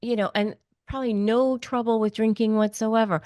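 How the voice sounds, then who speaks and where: A woman's voice: on the high side, steady tone, moderate pace, dark tone, dry recording. Emphatic woman host, dry close sound. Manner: emphatic, repeats key points. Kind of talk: advice interview.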